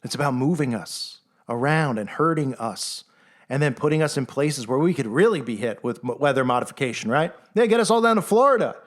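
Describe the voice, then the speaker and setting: Sarcastic male commentator, fairly high voice, animated monologue. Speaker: online commentator.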